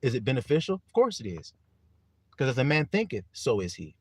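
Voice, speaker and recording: A man preaching a livestreamed sermon in a folksy, animated way, calling on his listeners and laughing often. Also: medium pitch, a little fast, breathy edge, no echo, studio quality.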